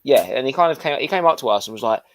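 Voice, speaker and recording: A man co-hosting a casual toy livestream, telling car boot stories in a relaxed, halting way. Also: medium pitch. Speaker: toy show co-host.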